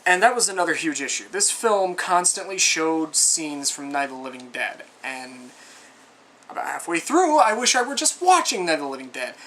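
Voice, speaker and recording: A movie reviewer speaks at normal speed in a slightly high, animated, bright voice with a forceful tone, over a little hiss or hum. He gives a casual, rambling film review laced with asides, sounding exasperated and sarcastic.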